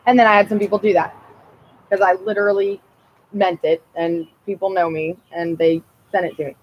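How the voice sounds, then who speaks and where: A woman's voice: mid-range voice, level tone, fairly quick, highs cut off. A woman telling personal stories in a blunt, rambling and profane casual monologue.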